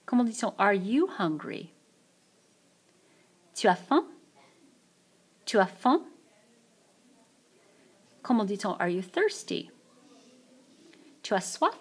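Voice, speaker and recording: A woman walks through French vocabulary in a recorded lesson, at an unhurried pace with clear pauses. Her voice sits at an ordinary middle pitch. She says each phrase, then says it again for her students. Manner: slow, repeats each French phrase twice. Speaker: French teacher. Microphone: tablet mic.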